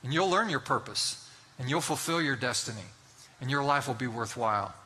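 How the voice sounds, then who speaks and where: A man's voice: medium pitch, lively intonation, a little fast, pushed and bright, breathy edge. A man in his sixties preaching a sermon, telling folksy stories and urging his listeners on with emphatic exhortations. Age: 60s. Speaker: pastor.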